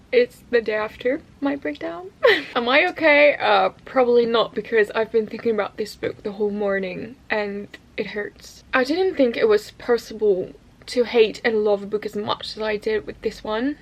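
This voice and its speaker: A woman chatting through a casual book vlog diary. Her voice sits a little high. She laughs often and slips into hushed whispers when her feelings run high. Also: fairly even intonation, unhurried, a little hiss or hum. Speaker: book vlogger.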